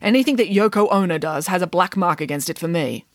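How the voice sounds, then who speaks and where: A blunt, scornful male art teacher, as a woman narrator plays him, dismissing things with disdain. His voice sits low with a lively pitch and a dry, close sound. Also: fast, dry recording, lightly acted.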